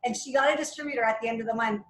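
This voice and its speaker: A woman's voice: a little high, very fast, roomy sound, slight background noise, low-quality recording. A woman leading a team call, chatty and full of praise for her team. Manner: warm praise, chatty with fillers. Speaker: call leader.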